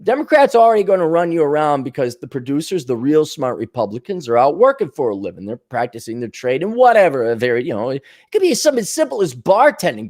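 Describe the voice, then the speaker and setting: A man's voice: fairly high pitch, a little mellow. A man hosting a podcast, delivering a blunt, sardonic, profane monologue rant. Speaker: podcast host.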